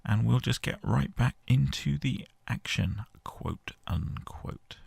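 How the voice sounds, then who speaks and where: A man's voice: mid-range voice, a little slow, vocal fry, a little mellow, slightly rough, dry recording. A man hosting a game playthrough, chatting casually and explaining the controls step by step. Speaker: gaming host.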